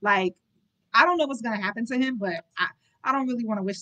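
A woman's voice: fairly high pitch, rapid-fire, fairly bright tone, muffled recording. Woman, young adult, book club host, reading aloud, chatty asides, stumbles. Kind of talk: reading a novel aloud with commentary.

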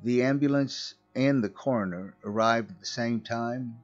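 A man narrating a scripted horror story in a slow, measured way. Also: mid-range voice. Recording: muffled recording with faint music.

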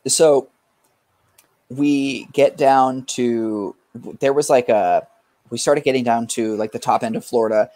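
A man's voice: mid-range voice, warm tone, dry recording. A young man from California, a guest musician, telling a rambling story in a casual chat with fillers and swearing.

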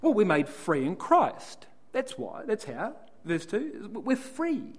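A man's voice: high voice, very animated, slow pace, husky. Man explaining scripture verse by verse. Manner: explanatory, asks and answers his own questions; reads scripture aloud and unpacks it verse by verse. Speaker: Bible class speaker. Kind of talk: Bible study talk.

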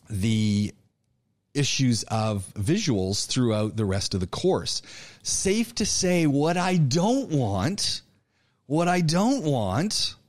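Animated male speech instructor. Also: mid-range voice. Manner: animated, coaching, many restarts. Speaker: college public speaking instructor. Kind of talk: online class lecture.

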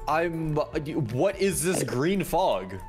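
A man chatting casually during a game, teasing with halting, laughing delivery. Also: fairly high pitch, expressive, a little mellow, faint music behind. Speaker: co-player. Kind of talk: casual gaming chat.

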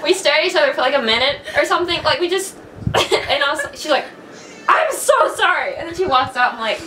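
A woman's voice: high-pitched, fast talker, bright, forceful tone. A young woman chatting casually with her partner, telling childhood stories and laughing often as she goes. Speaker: co-host of a couple's vlog. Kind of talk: casual storytelling chat. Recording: echoey room from far off with noise.

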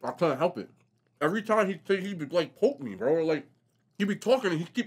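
A young man vlogging casually while eating, telling stories in a slangy, animated way. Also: on the high side, fast talker, husky. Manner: animated, slangy storytelling, says bro a lot. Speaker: mukbang vlogger.

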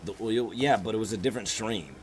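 A young man hosting a co-op gameplay stream, bantering loudly in slang and shouting directions to his partner. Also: lowish voice, brisk, a little hiss or hum. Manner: loud slang-heavy banter, shouting instructions. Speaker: streamer host. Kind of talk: casual co-op gameplay chat. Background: game music.

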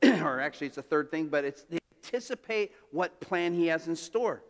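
A man's voice: a little high, lively intonation, moderate pace. A male pastor preaching a sermon in a church, telling stories conversationally with asides and restarts. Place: church sanctuary. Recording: reverberant church hall.

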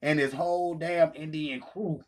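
A man with a somewhat high voice rants in a heated callout video, taunting his rivals and swearing without pause. He keeps it loud and mocking, dropping into a lower voice when he mimics others. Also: steady tone. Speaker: channel host. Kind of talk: profane ranting callout video.

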